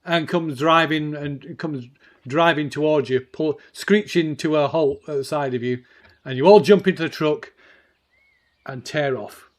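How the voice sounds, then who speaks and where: A man narrating as game master of a tabletop game, his voice sitting a little high. He talks in halting bursts, restarting phrases and filling gaps with fillers.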